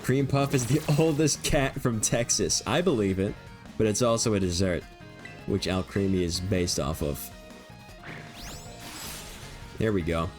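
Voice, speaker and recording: A man's voice: on the low side, moderate pace, darkish tone, soft background music. A young man streaming a video game, rambling and joking in a casual running commentary and laughing easily.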